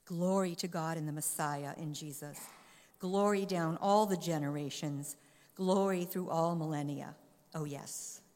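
A woman with a soft Boston accent reading scripture aloud in a sermon, with dramatic, varied emphasis. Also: low voice, measured pace, big-room sound. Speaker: scripture reader.

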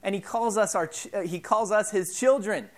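Halting, chatty male preacher in his thirties. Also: high voice. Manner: halting, with many fillers and restarts; animated, self-deprecating storyteller. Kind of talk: informal sermon with storytelling.

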